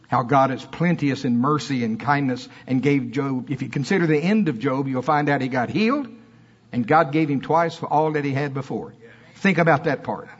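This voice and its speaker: A man preaching a sermon in church with fiery emphasis that drops into soft asides. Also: medium pitch, moderate pace, slightly rough, dull audio.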